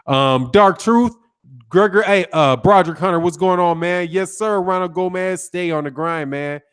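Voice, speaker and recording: A man's voice: high voice, moderate pace, clear, resonant tone. Laid-back man greeting his live-stream chat. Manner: laid-back, says "man" constantly, shouting out names. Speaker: boxing YouTube host.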